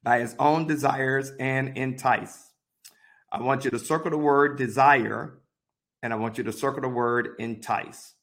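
A man teaching a Bible study, reading verses aloud and pausing to give deliberate, repeated marking instructions. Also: mid-range voice, steady tone, fairly bright tone. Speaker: pastor.

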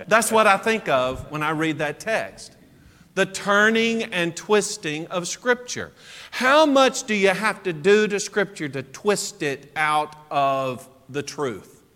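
Male preacher, fairly high and very lively pitch, unhurried sermon delivery, heavy hall echo. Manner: animated, asks rhetorical questions.

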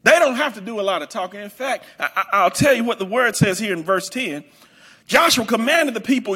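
A male preacher with a very high, bright voice and a husky edge preaches a sermon. He repeats lines for emphasis and breaks into shouts, his pitch swinging widely. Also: lively intonation, fairly quick. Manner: emphatic, repetitive, bursts into shouts.

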